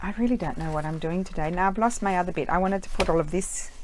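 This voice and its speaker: A middle-aged Australian woman chats away as she works on a craft project, her voice sitting a little low for a woman. She meanders from story to story, stopping and restarting her sentences and filling gaps with "um". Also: quick pace, darkish tone, slight background noise. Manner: chatty, rambling, many fillers and restarts. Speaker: craft vlogger. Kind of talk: casual storytelling while crafting.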